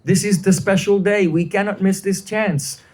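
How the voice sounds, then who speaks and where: A man's voice: sits high, fairly even intonation, darkish tone, lightly acted. A man voicing an anxious forest goddess in a devotional story, speaking urgently and in a hurry. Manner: urgent, hurried.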